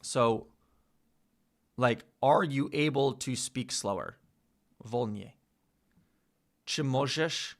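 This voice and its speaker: A young man thinking aloud as he studies a language, correcting himself and slowly sounding out foreign words. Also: mid-range voice. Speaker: vlogger learning a language. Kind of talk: casual thinking-aloud study session.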